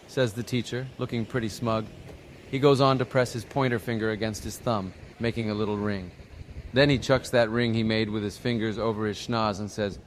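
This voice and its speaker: A man's voice: fairly low pitch, fairly even intonation, moderate pace, a little hiss or hum. A man narrating jokes in a scripted, slang-filled storytelling style. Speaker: joke narrator.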